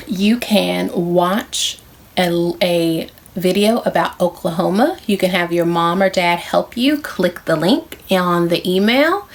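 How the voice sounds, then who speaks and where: Woman, pre-K teacher, slow, clear, encouraging delivery, mid-pitched. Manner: encouraging, repeats words slowly and clearly. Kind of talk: slow, sing-song classroom instruction for small children.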